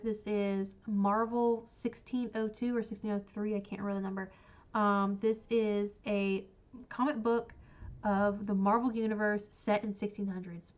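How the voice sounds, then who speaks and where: A woman casually ranking books she has read on a stream, rambling with many fillers. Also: mid-range voice. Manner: rambling, frequent ums and likes. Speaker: book streamer. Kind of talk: casual book ranking chat.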